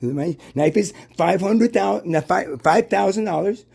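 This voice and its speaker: Gravelly, husky male voice with a dark tone, rambling and preachy, full of restarts and rhetorical questions. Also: sits high. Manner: halting, restarts and stammers.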